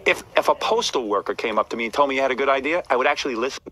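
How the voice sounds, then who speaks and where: A man's voice: mid-range voice, animated, very fast, pushed and bright, poor audio. A man hosting a radio show, lecturing a staff member in a blunt, repetitive way.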